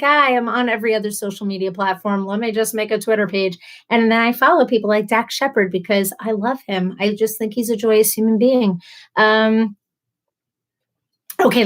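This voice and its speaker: A woman hosting a casual live stream, reading viewer comments aloud, chatty and emotional, laughing often and stumbling over names. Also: fairly high pitch.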